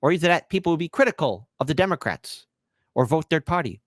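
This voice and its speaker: A man hosting a political commentary livestream, sarcastic and mocking, swinging between shouts and hushed asides. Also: a little high, very animated, fast, dry recording, studio quality.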